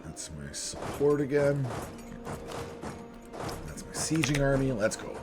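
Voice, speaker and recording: A man's voice: mid-range voice, big pitch swings, slow, over music. A man hosting a strategy game video, casually thinking aloud, chuckling and talking to himself as he plays. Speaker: gaming video host.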